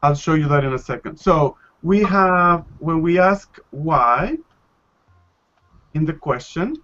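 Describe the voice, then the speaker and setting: Male language teacher, slightly high voice, unhurried, lo-fi call audio. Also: animated, a bit bright. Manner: patient, slow, repeats and models pronunciation. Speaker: Spanish teacher. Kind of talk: live online language class. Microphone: video call.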